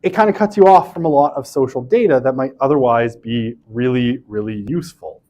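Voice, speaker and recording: Male university lecturer, mid-pitched, chatty recorded lecture, keeps asking "right?", drifts into asides. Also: a little fast, dark tone. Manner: casual and chatty, tags sentences with "right?"; self-interrupting, with asides and restarts.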